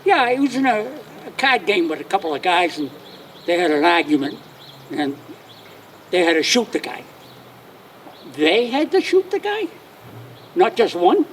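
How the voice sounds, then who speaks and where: A man's voice: high voice, animated, normal speed, fairly bright tone, distant mic, a little hiss or hum. An older man, a retired detective telling wry anecdotes to an audience and acting out the dialogue. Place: outdoor public dedication ceremony.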